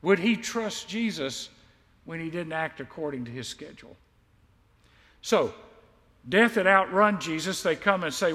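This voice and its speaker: A male pastor preaching a sermon and reading scripture, by turns emphatic and quietly confiding. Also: a little high, lively intonation, moderate pace, long reverb tail. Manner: emphatic, swells loud on key lines, then drops quiet and confiding.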